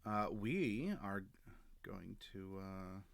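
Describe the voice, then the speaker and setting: A man acting as game master on an online call, speaking in halting, trailing phrases full of fillers. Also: low-pitched, lively intonation, vocal fry, no echo. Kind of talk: casual chat before a tabletop game.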